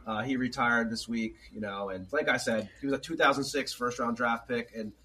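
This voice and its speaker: A man's voice: medium pitch, steady tone, brisk, pushed and bright. A man on a sports podcast, rambling easily through a news item. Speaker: podcast co-host. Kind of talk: casual sports chat.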